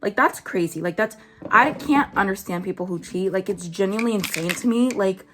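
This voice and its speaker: A woman's voice: mid-range voice, a little fast, a bit bright. A woman vlogger giving casual commentary, chatty and blunt, with lots of "like" and "um". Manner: chatty, blunt, filler-heavy with "like" and "um".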